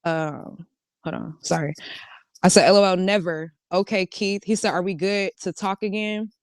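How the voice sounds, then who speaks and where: A woman with a smooth, clear voice casually walks through a string of text messages, narrating each side with "he said, I said." The sound is close and dry, with no room around her. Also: medium pitch, normal speed, no echo. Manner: relaxed, reads messages aloud with "he said, I said". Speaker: storyteller reading out text messages. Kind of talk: casual recounting.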